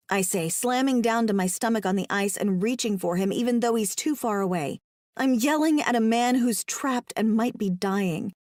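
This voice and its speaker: A woman's voice: animated, moderate pace, darkish tone, no room sound, clean studio sound. A young woman narrating a first-person romance audiobook, emotive and dramatic. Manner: emotive, voices the heroine's panic in a higher pitch.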